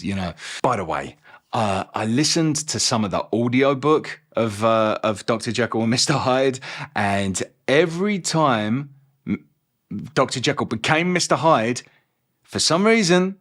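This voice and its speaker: A man with a softened Cockney accent talks through a book in a chatty, joking way. His pitch swings a lot as he goes, and he drops quick asides between points. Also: animated. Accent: mild Cockney. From England. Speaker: book reviewer. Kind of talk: casual video review.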